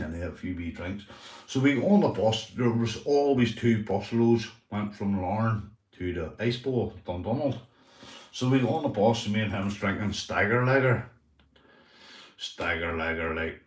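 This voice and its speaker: A man's voice: on the low side, far from the mic. A middle-aged man with a Northern Irish accent telling a story on a casual livestream. He swears a lot and keeps asking "right?" and "mate". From Northern Ireland. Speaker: livestream host. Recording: echoey room, set back from the mic.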